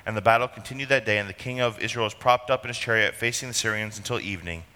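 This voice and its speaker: Brief: male pastor, bright and forceful tone, conversational sermon full of rhetorical questions, long reverb in the church. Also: on the low side, rapid-fire, smooth. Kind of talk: expository sermon.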